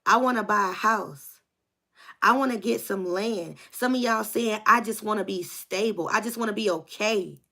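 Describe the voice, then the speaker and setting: Woman doing a tarot reading online, bright gravelly voice, hypes ppl up and repeats herself like a preacher. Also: medium pitch, moderate pace. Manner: preachy, rhythmic repetition, hyped. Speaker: tarot reader. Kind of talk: spiritual tarot reading to viewers.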